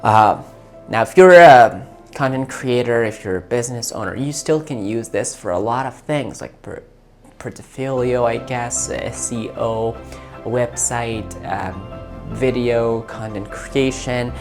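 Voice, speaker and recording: A man hosting a tech video, talking informally and eagerly, often halting and repeating words as he chats with an AI assistant and his viewers. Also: medium pitch, music in the background. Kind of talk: casual talk to an AI voice assistant and to viewers.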